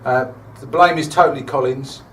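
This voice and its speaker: A man's voice: mid-range voice, steady tone, moderate pace, a bit bright, slight background noise. A man hosting a casual supporters' club chat show, talking chattily through fixtures and signing off cheerfully. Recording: echoey room, voice from far off the mic.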